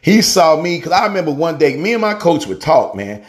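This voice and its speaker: This guest speaker, a middle-aged man with a fairly high voice, talks a little fast while offering a heartfelt tribute. His language is slangy and relaxed, addressing the listener as family and man. He's an animated storyteller whose tone softens in moments of grief.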